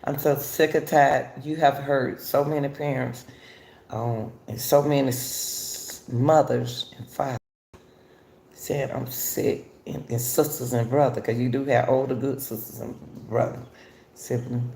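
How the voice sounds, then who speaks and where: A woman's voice: very deep voice, steady tone, unhurried, dark tone, reverberant, slight background noise. An older woman, hosting a casual talk for viewers and repeatedly addressing them as y'all. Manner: repetitive, chatty, addresses listeners as y'all. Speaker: host.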